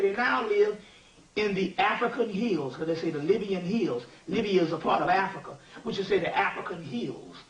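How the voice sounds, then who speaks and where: A man giving an informal spiritual lecture, animated and digressive, often checking that listeners follow. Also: sits high. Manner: animated, digressive, keeps asking "you see what I'm saying". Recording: echoey room, distant mic, faint ambient noise.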